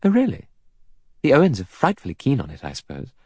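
Brisk, chatty young woman secretary, raised and lively, read by a male narrator. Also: medium pitch, no echo, clean studio sound, voice pushed up. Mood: brisk, eager. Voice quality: crisp, bright and decisive.

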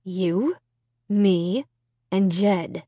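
A woman's voice: medium pitch, expressive, a little slow, a little mellow, no room sound, natural voice. A woman voicing a stern, shocked mother who speaks in a tight, controlled way.

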